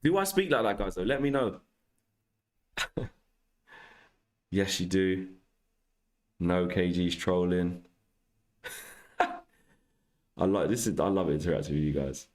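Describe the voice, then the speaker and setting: A young man hosts a casual livestream and banters with his viewers. His voice sits low and deep. He jumps between muttering asides and loud, exasperated protest. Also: slow pace, long pauses. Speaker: livestream host.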